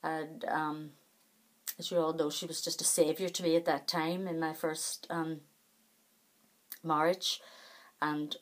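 A middle-aged woman, chatting to camera in a rambling, self-deprecating way. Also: sits low. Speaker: vlogger. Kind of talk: casual chat to camera.

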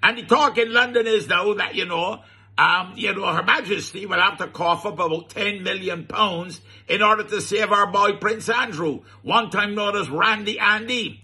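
A man's voice: high-pitched, normal speed, bright, forceful tone, husky. A man with a Barbadian accent giving comic satirical commentary, chuckling and mock-scandalized, drawing out his words. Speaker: radio comedy commentator.

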